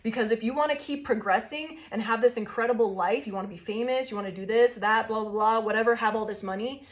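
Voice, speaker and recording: A woman's voice: on the high side, fast talker. Profane, fiery woman tarot reader. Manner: profane, emphatic, laughs often. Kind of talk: channeled tarot reading, casual pep talk.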